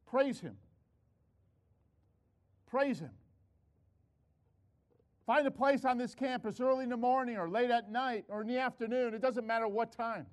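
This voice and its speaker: An older man preaching a sermon, telling a family story with animated delivery and repeated words, calling out to his audience. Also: extremely high pitch, a little slow, long pauses.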